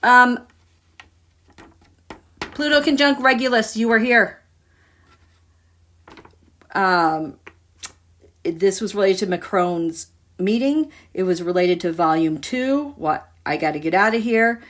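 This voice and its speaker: A woman's voice: medium pitch, lively intonation, slow pace, long pauses, fairly bright tone. A woman giving a casual tarot reading to her viewers, musing and dramatic as she talks through the cards. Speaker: tarot reader.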